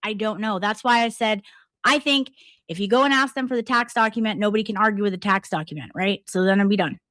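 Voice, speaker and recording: A woman's voice: mid-range voice, quick pace, fairly bright tone, dry recording, studio quality. A woman on a stream arguing back defensively and repeating her point. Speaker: streamer in an argument. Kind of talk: heated argument on a stream.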